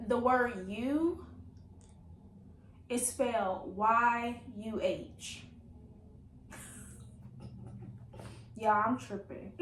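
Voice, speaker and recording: A woman's voice: on the high side, drawn-out words, pauses often. A young woman, chatting playfully about a book she is reading and reacting with laughter. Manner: playful, laughing, reads passages aloud with reactions. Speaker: book vlogger. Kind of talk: casual reading vlog chat. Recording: echoey room with faint ambient noise.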